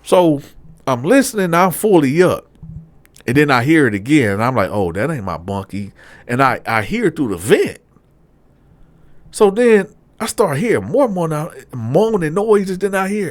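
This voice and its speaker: Animated man telling a prison story. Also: normal speed. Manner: animated, acts out other inmates in loud raised voices; drops to a low, hushed tone for asides. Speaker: storyteller, channel host. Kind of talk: casual storytelling to camera.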